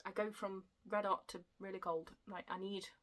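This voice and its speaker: A woman in her young adult years talks to her viewers in a chatty, excitable way and laughs at her own stumbles. Her voice is bright and clear. She is a book vlogger, speaking casually to the camera. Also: medium pitch, normal speed, rough recording.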